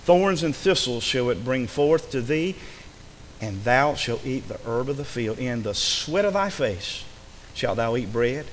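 A man's voice: medium pitch, animated, a little slow, long reverb tail, a little hiss or hum, rough recording. A male pastor, preaching a sermon emphatically and acting out the voices of the people he quotes. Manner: emphatic, acts out quoted speakers. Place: church sanctuary.

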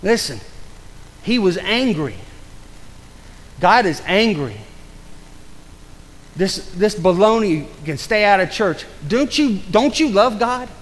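Male pastor, high voice, urgent-to-hushed sermon delivery, big church reverb. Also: sing-song, slow pace, pauses often. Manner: swings between loud urgent preaching and low hushed warnings; acts out excuses in mocking quoted voices. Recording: long hall reverb.

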